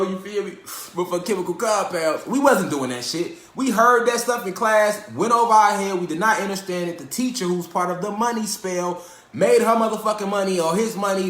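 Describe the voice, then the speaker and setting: A man's voice: high-pitched, fairly bright tone, echoey room. A man giving a live-streamed lecture, profane, streetwise and emphatic, often tossing questions back at his audience. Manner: repeats rhetorical questions to the audience.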